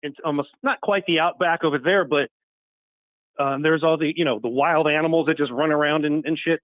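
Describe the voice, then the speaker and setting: A man's voice: fairly high pitch, fairly quick. A man calling into a podcast, chatting in a laid-back, rambling way. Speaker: caller. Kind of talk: casual chat. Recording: tinny phone line.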